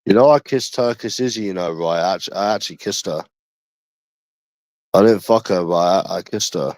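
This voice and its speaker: A man's voice: sits low, fairly quick, a little mellow, no room sound. A man with a London accent in rambling, casual livestream chat, crude and full of swearing.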